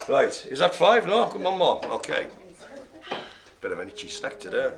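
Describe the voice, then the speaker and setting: A man hosting a bingo session, joking and chatting between calls with quick asides. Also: on the high side, very animated, vocal fry, slight background noise. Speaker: bingo host. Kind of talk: lively bingo calling with banter.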